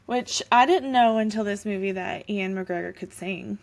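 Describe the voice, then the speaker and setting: A woman's voice: medium pitch, normal speed, vocal fry. A woman co-hosting a podcast, chatting casually and thinking aloud with many fillers. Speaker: podcast co-host. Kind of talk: casual chat.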